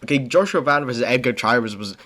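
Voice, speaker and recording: A young man talks through a fight recap in loose, rambling fashion, constantly dropping slang and checking in with the listener. His opinions come out blunt and unfiltered, and his voice sits at an ordinary middle pitch for a man. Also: animated, fast talker, sharp tone. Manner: rambling, slangy, says "bro" and "okay" constantly. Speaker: MMA commentary channel host. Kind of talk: casual recap commentary.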